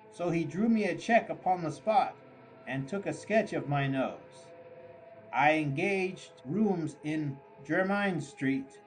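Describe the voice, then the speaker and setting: A man narrating a story aloud in a measured, mock-grand storytelling manner. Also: on the high side, low-quality recording. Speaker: audiobook narrator. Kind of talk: scripted narration.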